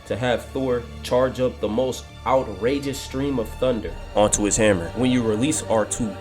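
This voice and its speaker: A man with a fairly low voice narrates a fan-made game story, describing each scene in a steady, measured way. Loud music plays under him throughout.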